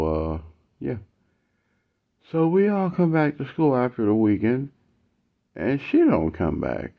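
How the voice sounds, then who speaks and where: A man casually telling a personal story in animated, slangy speech, acting out the dialogue. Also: low voice, vocal fry. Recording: tinny phone-like audio.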